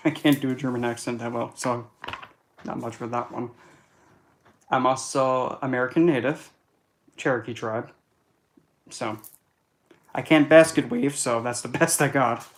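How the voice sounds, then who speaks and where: An occult and astrology vlogger with a medium-pitched, fairly even voice speaks at normal speed, pausing often. His casual monologue is loose, chatty, and blunt, full of dark jokes and constant self-corrections.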